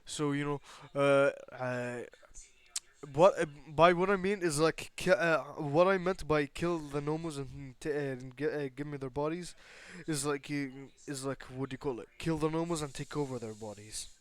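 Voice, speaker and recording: A man's voice: on the high side, moderate pace, clear, resonant tone. A man improvising a fan story in casual chat, rambling through the plot with lots of filler words and restarts.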